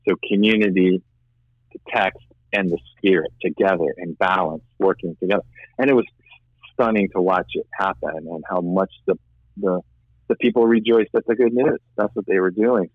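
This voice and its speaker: A man, guest in an interview, telling his own story earnestly with halting restarts and repeated words. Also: low voice, dry recording. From United States. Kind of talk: personal testimony in conversation. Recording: slightly dull, dry audio.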